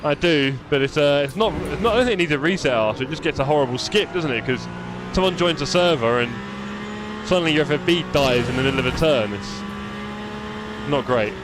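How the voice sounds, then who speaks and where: A man's voice: fairly high pitch, lively intonation, a little fast, music in the background. A man chatting casually while sim racing on a live stream, reading out chat. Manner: chatty, reads chat aloud while driving. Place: home sim racing rig.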